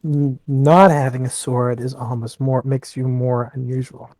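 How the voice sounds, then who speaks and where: A player in a tabletop game offers opinions in a musing, offhand way. The voice is mellow and warm. It is recorded dry and close. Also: medium pitch, little pitch movement, unhurried, dry recording. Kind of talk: casual tabletop chat.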